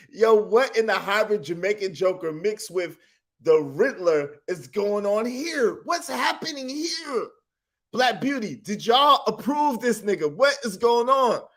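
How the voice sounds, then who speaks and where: A man hosts a comedic reaction show, reacting to clips in a high, expressive voice at a measured pace. He laughs and asks the same incredulous questions over and over.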